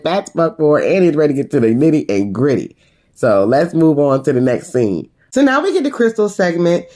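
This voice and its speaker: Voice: mid-range voice, darkish tone. Sassy recap host, slangy, laughing, casual reality show commentary. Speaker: reality TV reviewer.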